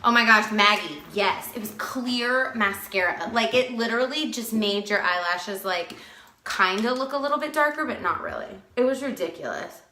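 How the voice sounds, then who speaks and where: A woman's voice: fairly high pitch, expressive, normal speed, bright, forceful tone, roomy sound, slight background noise. A chatty woman giving a casual live makeup tutorial at home, greeting viewers by name as she works. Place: at home, with dogs nearby.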